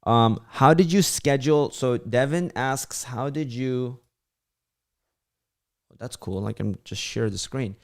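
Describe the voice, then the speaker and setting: A man hosting a casual livestream Q&A, talking in an animated, emphatic way and swearing casually. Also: medium pitch, slow pace. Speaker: livestream host.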